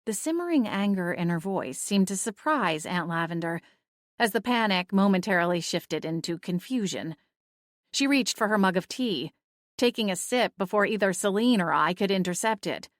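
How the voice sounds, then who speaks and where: A woman reading first-person audiobook narration in a steady storytelling manner. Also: medium pitch, moderate pace, dry recording, studio quality.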